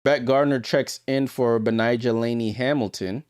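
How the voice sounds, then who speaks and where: Man, live watchalong host, smooth clear voice, dry close sound, casual play calls. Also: mid-range voice, steady tone, moderate pace, no echo. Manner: chatty, talks straight to viewers, gets louder on big plays. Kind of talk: casual live game commentary.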